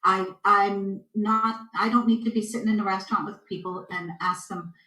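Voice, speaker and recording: A Canadian woman, a guest, chatting in a lively storytelling way on a video call and acting out the voices in her stories. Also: medium pitch, normal speed. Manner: animated storyteller, acts out quotes. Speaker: guest intuitive. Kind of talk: casual interview chat. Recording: echoey room.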